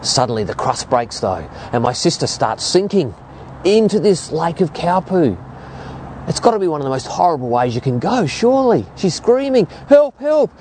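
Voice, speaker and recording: A man's voice: normal speed, slight background noise. A man in his fifties with an Australian accent, preaching a sermon and telling stories to make his point. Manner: animated storytelling preacher, lively rises and drops in pitch.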